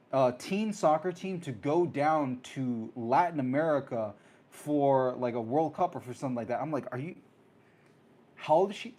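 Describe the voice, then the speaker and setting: A man hosting his own talk show, telling a personal story in a casual, animated way and acting out the voices of people he met. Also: mid-range voice. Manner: animated, acts out quoted voices. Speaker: host.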